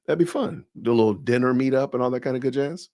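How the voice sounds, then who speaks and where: A man's voice: medium pitch, fast, warm tone, dry recording, clean studio sound. Chatty Southern man hosting a livestream. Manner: chatty, rambling, self-correcting. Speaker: podcast host. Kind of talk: casual livestream talk.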